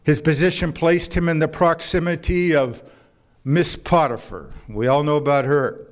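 A man preaching a sermon to a congregation, mixing scripture with jokes and anecdotes in a conversational way. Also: fairly high pitch. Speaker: pastor. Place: church before a congregation.

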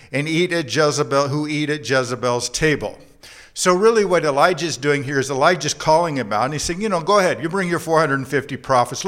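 A man preaching a sermon, reading scripture and acting out the voices in the story, dropping to a hush for emphasis. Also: on the high side.

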